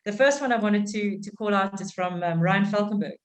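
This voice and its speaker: A woman's voice: medium pitch, fairly quick, rough recording. Woman, from South Africa, webinar moderator, video call, reads questions aloud. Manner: reading out audience questions.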